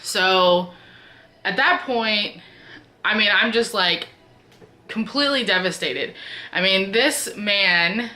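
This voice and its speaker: A woman's voice: mid-range voice, moderate pace, bright, forceful tone. A woman vlogger telling a personal story in a chatty, casual way, full of filler words.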